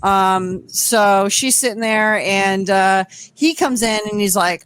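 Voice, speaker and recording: A woman's voice: mid-range voice, slow pace, fairly bright tone, clear, resonant tone, no room sound. A woman co-hosting a podcast, telling a story casually and profanely, acting out what others said. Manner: profane, acts out others' quotes. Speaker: podcast co-host.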